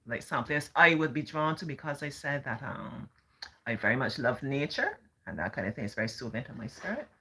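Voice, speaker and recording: Low, bright-voiced Barbadian woman. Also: sing-song, fairly quick, husky. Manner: chatty, reads and answers viewer comments. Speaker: livestream host. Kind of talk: casual livestream chat.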